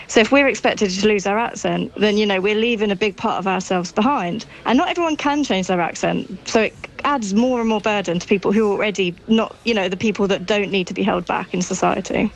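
A woman's voice: mid-range voice, a little fast, few pauses, rough recording. A woman linguist with an Essex accent, speaking earnestly and confidently on a radio panel. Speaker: linguist guest.

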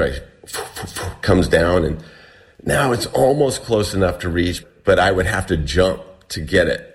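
A man's voice: sits low, creaky. A man casually recounting a story as an interview guest, chatty and full of restarts. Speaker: guest telling a survival story.

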